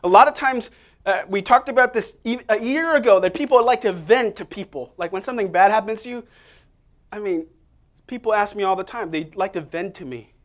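A man preaching an energetic sermon, prompting listeners to repeat phrases to each other. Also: sits high, fairly quick. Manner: energetic, call-and-response prompts to the congregation.

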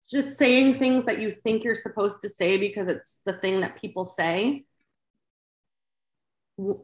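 A woman's voice: medium pitch, a bit bright. A woman guest on a faith-based podcast, speaking earnestly and emphatically with encouragement. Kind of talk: faith-based casual chat. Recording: roomy echo.

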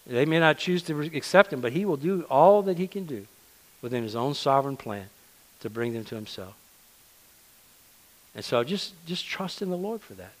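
A man delivers a sermon in an earnest, conversational way, at a middling pitch. He repeats words as he presses his points. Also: expressive, normal speed, pauses often, rough recording. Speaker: preacher.

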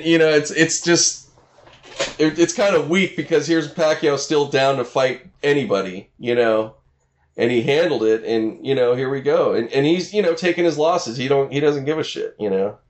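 A man talking loosely and casually, circling back on himself with fillers and restarts. His voice sits at an ordinary middle pitch and he drops in the odd swear word. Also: normal speed. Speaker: boxing fan in casual conversation. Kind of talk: casual chat.

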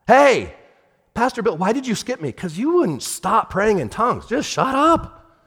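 A man preaching a sermon as pastor, animated, swinging from shouted lines to hushed ones. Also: sits high, normal speed, slightly rough, big-room sound.

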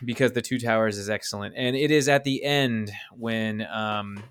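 A man's voice: fairly low pitch, moderate pace, fairly bright tone, smooth. A man co-hosting a casual podcast chat, upbeat and enthusiastic, sometimes fumbling for details. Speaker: podcast co-host.

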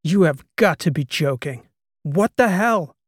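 A man's voice: a little high, moderate pace, a little mellow, dry recording, studio quality, natural voice. A man voicing an exasperated male historian. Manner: exasperated, demanding questions. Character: agitated male historian, blunt and incredulous.

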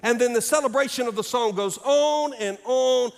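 High-pitched male pastor preaching in a reverberant sanctuary, dynamic swings from shouts to hushes. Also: moderate pace. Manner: preaching with big swings from loud high calls to hushed low asides. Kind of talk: sermon. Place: church sanctuary. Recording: long reverb in a large hall with faint music.

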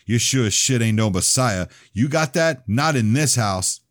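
A man's voice: lowish voice, animated, measured pace, a little mellow, no room sound, voice pushed up. A man voicing a smug, hostile teenage boy in an audiobook, taunting and crude, in a dry recording. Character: smug hostile teenage male bully cousin.

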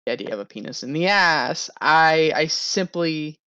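A man's voice: a little high, lively intonation, moderate pace, pushed and bright, clear, resonant tone, no room sound. A young man speaks as a podcast guest in a candid, rambling way, often breaking into giggles. His recording sounds dull and lo-fi. The sound is close and dry. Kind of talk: casual podcast chat.

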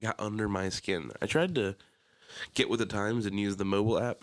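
A man's voice: lowish voice, fairly quick. A young man with a Philadelphia-area American accent, chatting casually on a podcast and acting out his stories with lots of swearing. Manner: animated storytelling, swears a lot, acts out quotes loudly. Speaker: podcast co-host. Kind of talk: casual chat.

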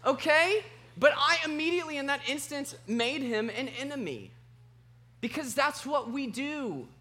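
A man preaching a sermon as pastor, telling a personal story in an animated, self-mocking way. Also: high-pitched.

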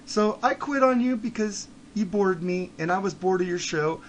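High-voiced man ranting bluntly. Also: moderate pace, a little hiss or hum. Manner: blunt, profane, heated, swings between low muttering and shouting. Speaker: podcast host. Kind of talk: ranting monologue.

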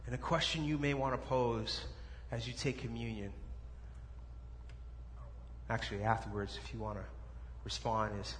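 A man preaching a sermon as a pastor, animated and dropping to soft, slow intensity, in a church sanctuary with echo and faint room noise. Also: medium pitch.

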